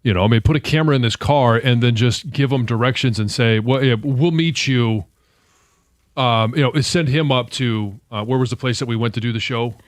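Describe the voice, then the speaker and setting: A male radio co-host in casual banter, rambling and restarting his sentences. His voice sits at an ordinary middle pitch. It is recorded dry on a close studio mic. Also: fairly even intonation, fast talker, hardly any pauses, no room sound. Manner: rambling, restarts and self-corrections.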